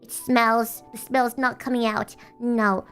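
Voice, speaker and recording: Bubbly woman streamer, bright and sharp tone, rambling casual chat full of restarts. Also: a little high, little pitch movement, a little slow, clean tone, soft background music. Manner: rambling, bubbly, self-teasing with frequent restarts.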